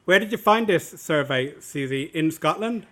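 A man's voice: fairly high pitch, expressive, moderate pace, a bit bright. A young Irish man co-hosting a podcast, chatting casually in an easygoing, wry way. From Ireland. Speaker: podcast co-host. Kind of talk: casual chat.

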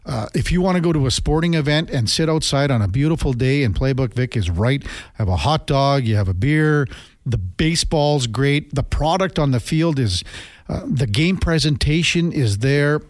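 A man's voice: medium pitch, moderate pace, no echo. A middle-aged man hosts a sports talk radio show in a dry, close studio sound. He talks casually and drifts into long anecdotes. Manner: rambling storyteller, animated when telling anecdotes. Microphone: studio microphone.

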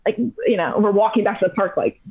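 A woman's voice: mid-range voice, fairly quick, husky. Chatty young woman over a tinny line. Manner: chatty, animated retelling with lots of "like". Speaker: podcast guest. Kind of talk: casual storytelling.

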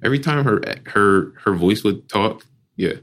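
A very deep-voiced man co-hosts a casual movie review podcast, and his pitch swings a lot as he talks. He hesitates with ums and restarts and swears offhandedly. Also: expressive, normal speed, fairly bright tone. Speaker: podcast co-host.

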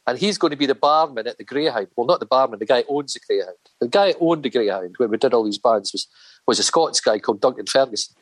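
Lively storytelling man. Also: medium pitch, quick pace, no room sound, rough recording. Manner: animated anecdotes with acted-out voices, laughing often. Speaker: podcast guest, filmmaker. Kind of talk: casual storytelling chat.

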